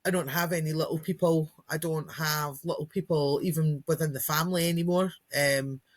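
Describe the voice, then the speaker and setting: Husky-voiced woman chatting about dogs. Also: deep voice, fairly even intonation, normal speed. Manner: chatty, acts out dogs' and kids' voices. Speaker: podcast co-host, dog trainer. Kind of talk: casual chat.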